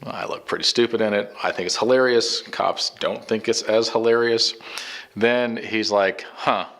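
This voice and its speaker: A middle-aged man with a fairly low voice tells a personal story in a loose, conversational way. He rambles and briefly mimics the people he quotes. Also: steady tone, normal speed, fairly bright tone. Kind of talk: casual anecdote.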